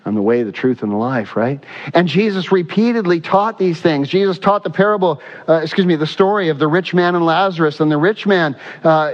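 A man preaching a sermon as pastor, emphatic and repetitive, with frequent fillers. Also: fairly high pitch. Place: church sanctuary. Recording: dull sound with long hall reverb.

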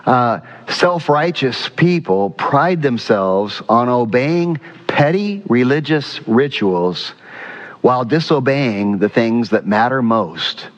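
A male pastor delivers a lively sermon in a church sanctuary, throwing questions to the congregation as he goes. His voice sits at an ordinary pitch, and the recording sounds slightly dull. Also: slow pace. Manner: animated, quizzes the congregation.

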